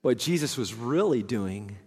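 A man preaching a sermon as dramatic storytelling, moving from hushed, somber lines to fervent, rising passages. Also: medium pitch, lively intonation, unhurried, breathy edge, in a large hall. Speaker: pastor.

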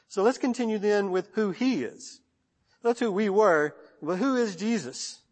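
A Texan man preaching a sermon as pastor, in a rhythmic cadence with long lists and soft drops at line ends. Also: high voice, a little slow. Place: church sanctuary. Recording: long church reverb.

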